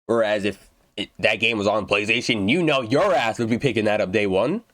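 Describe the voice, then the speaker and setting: A man's voice: fairly low pitch, fairly quick, a bit bright, dry recording. A young man ranting about video games, blunt and profane, stumbling and restarting his words, his throat going dry. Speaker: gaming YouTuber. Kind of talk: unedited rant to camera.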